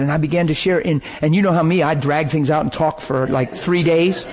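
A man preaching, telling a story in an animated, dramatic way that breaks at times into shouts and laughter. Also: on the high side, fairly quick, hardly any pauses, a crowd in the background. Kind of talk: sermon storytelling.

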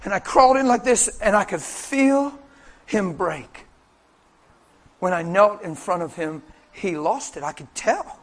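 Man preacher, very high voice, fervent testimony-style delivery, hushed to booming. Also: animated, measured pace. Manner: impassioned, swings between hushed and booming. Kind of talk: testimony-style sermon storytelling.

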